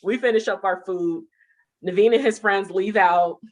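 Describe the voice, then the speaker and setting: A woman telling how she met her partner in a casual interview, animated and laughing as she goes. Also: mid-range voice, moderate pace. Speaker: interview guest.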